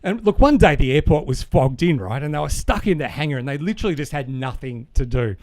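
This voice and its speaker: Chatty Australian man, lively pitch. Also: fast talker, dry recording. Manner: rambling, fond of fillers, chuckles at own jokes. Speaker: podcast co-host. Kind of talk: casual banter, telling a dad joke.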